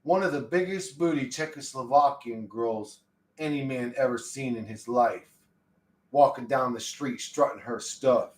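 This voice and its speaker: A young man streaming live, rambling through loose, profane chatter in a laid-back way. His voice sits at an ordinary middle pitch, heard in an echoey room from a mic set back from him. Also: a little slow, distant mic. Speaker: livestreamer. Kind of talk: casual stream chat.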